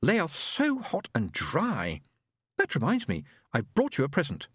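A bubbly young sister with a high, sing-song voice that swoops all over the place, as a male narrator puts her on. The reading is close and dry, with no room sound. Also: huge pitch swings, measured pace, slightly rough, dry recording, full character voice. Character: young woman, the hero's lively sister. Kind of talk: audiobook character voice.

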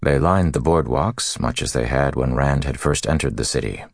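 Very deep, gravelly male narrator. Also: normal speed, no echo, studio quality. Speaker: audiobook narrator. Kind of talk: scripted fantasy narration.

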